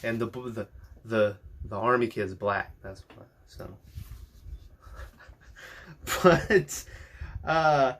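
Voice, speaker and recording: A man with a bright, forceful voice at an average pitch recaps a movie for his podcast. He rambles loosely, swears often and leans on fillers as he goes. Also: expressive, drawn-out words, pauses often. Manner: rambling and profane, full of ums and likes. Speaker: podcast host.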